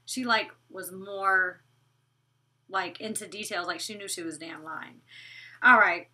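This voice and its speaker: A young woman vlogger recapping a reality show in casual chat, blunt and animated, cursing freely. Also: mid-range voice, a little slow, distant mic. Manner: blunt, animated, gossipy with swearing. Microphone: desk microphone.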